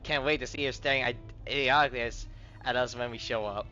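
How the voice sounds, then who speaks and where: A man's voice: mid-range voice, fairly even intonation, quick pace, bright, forceful tone, highs cut off, soft background music, lightly acted. A man reading as a brash young woman soldier. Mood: grumbling. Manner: blunt, grumbling and impatient.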